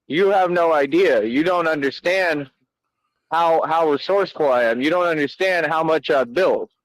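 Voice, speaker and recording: A man ranting slowly and boastfully, repeating himself and speaking in casual slang. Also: on the high side, rough recording. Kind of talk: boastful rant.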